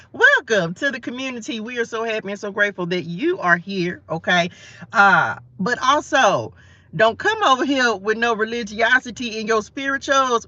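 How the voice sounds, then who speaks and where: Chatty woman, bright tense voice. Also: mid-range voice, no room sound, muffled recording. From Southern United States. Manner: chatty, playful, laughs at herself. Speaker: host of a Bible study livestream. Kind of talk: casual morning Bible study chat. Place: parked car.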